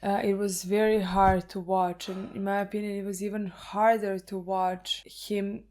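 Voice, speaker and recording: A woman talks through her reaction to an anime episode in easygoing chat. She is earnest and emphatic, dropping the odd swear. Her voice stays fairly level in pitch throughout. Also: level tone, normal speed, a little mellow.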